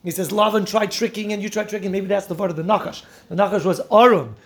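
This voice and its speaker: A man giving a lively Torah talk, telling the stories with animation and frequent laughter. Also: high voice, fast talker, creaky. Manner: animated storytelling, laughing often, mixing Yiddish and Hebrew terms. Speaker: Torah teacher.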